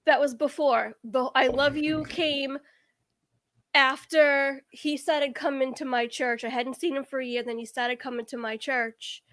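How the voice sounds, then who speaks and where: High, bright-voiced woman telling a story. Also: fairly even intonation, unhurried, dry recording. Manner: rambling, winding storyteller. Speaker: guest contestant. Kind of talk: casual game-show chat.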